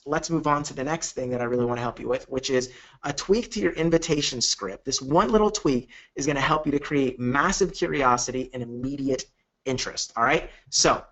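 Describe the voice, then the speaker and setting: A man's voice: medium pitch, fairly bright tone, dull audio. A man coaching on a live webinar, talking with energy and acting out quoted phone calls. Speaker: network marketing coach.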